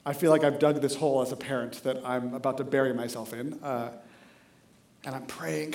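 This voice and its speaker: A man's voice: fairly high pitch, brisk, roomy sound, slight background noise. A man in his thirties preaching a sermon, telling a story with jokes and acting out the dialogue. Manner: animated, acts out dialogue, jokes with the congregation. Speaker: pastor.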